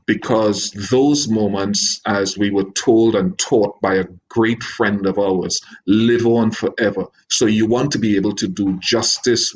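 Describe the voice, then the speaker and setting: Low-voiced measured male commentator. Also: slight background noise, poor audio. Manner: careful and deliberate, qualifies his points. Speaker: cricket commentator. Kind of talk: measured analytical answer.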